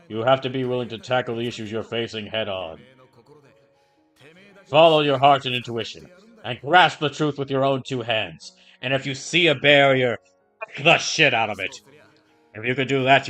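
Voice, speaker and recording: Man doing a low gravelly gangster voice, older-brother tough guy, quiet and gruff, tacks on a "see?", voicing game dialogue. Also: moderate pace, soft background music, close to an everyday voice. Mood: earnest. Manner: ends lines with a gangster-style "see?".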